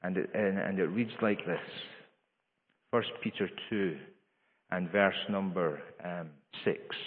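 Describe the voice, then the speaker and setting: A male preacher delivers a sermon with earnest force. His voice climbs in pitch and volume when he stresses a point, and he often restarts his phrases. The sound is tinny, like a phone line, with a long echo from a large hall. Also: takes it slowly.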